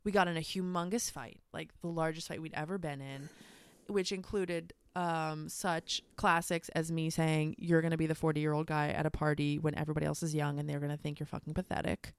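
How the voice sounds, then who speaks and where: A woman's voice: deep voice, fairly quick, clear, resonant tone, no echo. A young woman telling a personal story in casual chat, candid and full of swearing. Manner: candid, profane, animated storytelling. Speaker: guest.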